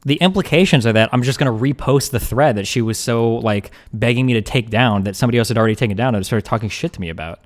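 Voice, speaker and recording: A man's voice: medium pitch, fast talker, few pauses. A man streaming, talking casually and profanely while reading messages aloud.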